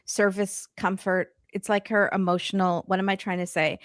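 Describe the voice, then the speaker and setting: A woman's voice: mid-range voice, level tone, moderate pace, dry recording, clean studio sound. Blunt, joking woman on a podcast. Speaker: podcast co-host. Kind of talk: casual chat about a reality show.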